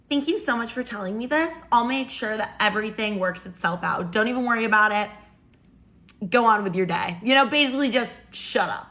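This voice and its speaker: A young woman chatting through a storytime while getting ready, animated and chatty with dramatic pauses. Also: mid-range voice. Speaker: storytime creator. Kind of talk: casual storytime while doing makeup.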